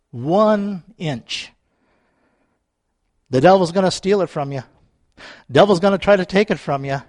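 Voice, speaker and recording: A man, a pastor, preaching a sermon with fervent repetition and calls to the congregation, chuckling often and at times dropping to a soft, low voice. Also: unhurried, long pauses, dry recording, clean studio sound.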